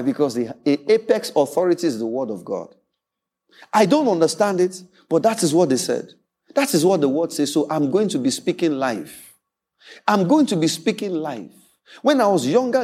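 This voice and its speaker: Male pastor, high and animated, playful sermon storyteller. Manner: animated storytelling preacher, acts out quoted voices, laughs often.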